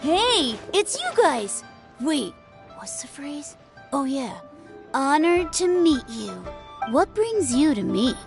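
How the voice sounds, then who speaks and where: A woman voicing an eager, easily flattered young girl who fancies herself a sword master, in video game dialogue. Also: sits high, slow, faint music behind, heavily acted. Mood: excited. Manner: bouncy, excited, easily flattered.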